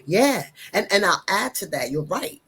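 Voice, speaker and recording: A middle-aged woman, a counselor and author, chatting casually as an interview guest and telling stories in a lively, animated way. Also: medium pitch, unhurried, breathy edge. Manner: animated storyteller acting out family quotes.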